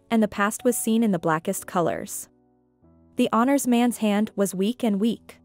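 A woman narrating a scripted drama story in a steady, even storytelling manner. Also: mid-range voice.

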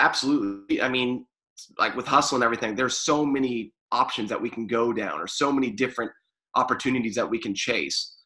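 A man's voice: mid-range voice, bright, forceful tone, low-quality recording. A man chatting casually in an interview, rambling with fillers and restarts. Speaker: guest, former pro sports media staffer.

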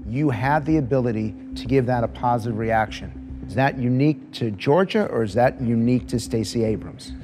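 A man's voice: mid-range voice, moderate pace. Guy running a voter panel, blunt questions, music in the background. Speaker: focus group moderator.

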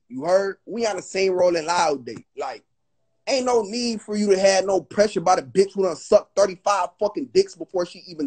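A man's voice: high voice, darkish tone, husky. A young man telling a heated story on a livestream call, agitated and profane, stumbling over restarts. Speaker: guest on a livestream. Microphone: phone on a live video call.

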